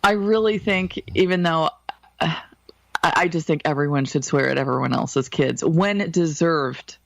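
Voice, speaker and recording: A woman co-hosting a podcast in casual chat, animated and profane, laughing often. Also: sits low, normal speed, creaky, dry recording. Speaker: podcast co-host.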